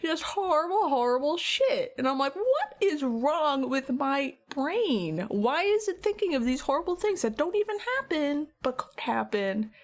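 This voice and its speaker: Very animated and high-pitched, a tired young woman talks a little slowly and with hardly any pauses while chatting with her stream viewers. She wanders through a story, voicing her own quotes as she goes.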